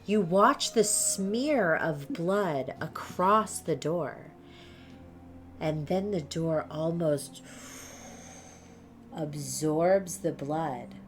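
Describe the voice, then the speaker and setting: A woman running a tabletop game as game master, narrating scenes in a slow, hushed, suspenseful way. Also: low-pitched, a little hiss or hum.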